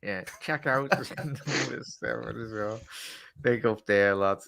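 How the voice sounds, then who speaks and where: A man's voice: lowish voice, slow pace, gravelly, a bit bright. A man hosting a casual live stream, chatty and teasing as he reads out chat messages. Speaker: host.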